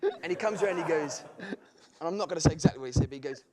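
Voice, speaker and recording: Animated man telling stories. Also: a little high, very fast, a crowd in the background. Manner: animated storyteller, laughs through his tales. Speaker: comedian guest. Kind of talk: anecdotal talk show chat.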